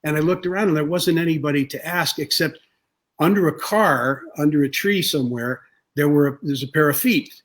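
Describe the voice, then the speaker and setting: A man being interviewed as a guest author, telling stories in an unhurried, thoughtful way with many pauses. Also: on the high side, fairly bright tone. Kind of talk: relaxed storytelling in an interview.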